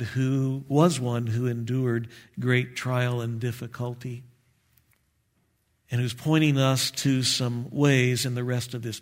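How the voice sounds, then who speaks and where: A man preaching a sermon as pastor, measured and earnest with light touches of humor. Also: mid-range voice.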